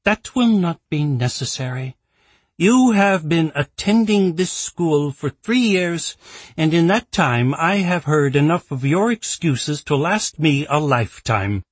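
A man's voice: on the high side, expressive, measured pace, breathy edge, no echo, voice pushed up. A man voicing a strict female school official who scolds in a cold, clipped manner. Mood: stern.

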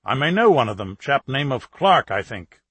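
A man reading an audiobook, voicing a patient male Russian spy putting on a British working-class accent, calm and probing. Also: mid-range voice, moderate pace, slightly rough, no room sound.

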